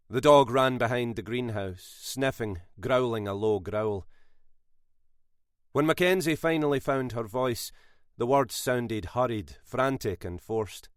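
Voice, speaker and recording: A man narrating a thriller audiobook in a measured, expressive way. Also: mid-range voice, clean tone, no echo, clean studio sound.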